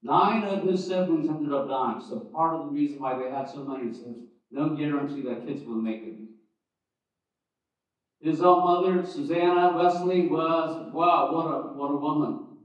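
A man delivers a teaching sermon in a loose, conversational way, restarting phrases and adding asides. His voice sits a little high and carries from some distance, heard through a dull, muffled recording that rings with heavy church echo. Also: normal speed. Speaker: preacher. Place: church sanctuary.

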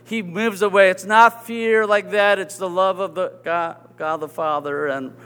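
A man with a Southern accent preaches in an earnest, conversational way, often pausing to check that his listeners follow. His voice sits a little high for a man. It rings out with a long reverb, as in a church sanctuary. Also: steady tone, bright, forceful tone, clear, resonant tone. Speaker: pastor. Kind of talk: sermon.

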